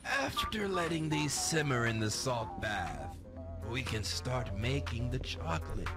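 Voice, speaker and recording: An actor playing a male TV chef in a game's cooking show, giving absurd instructions in a deadpan, unhurried way. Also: medium pitch, music in the background.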